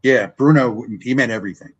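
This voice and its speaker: An older man, a longtime ring announcer, telling stories in a relaxed interview and acting out what people said. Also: fairly quick, muffled recording. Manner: animated storyteller, acts out quotes with big pitch jumps. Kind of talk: storytelling interview chat.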